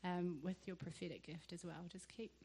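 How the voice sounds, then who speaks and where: A young woman, sharing a lively church testimony and acting out the conversations in it. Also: lowish voice, moderate pace, slightly rough. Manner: animated storyteller who acts out dialogue with laughter.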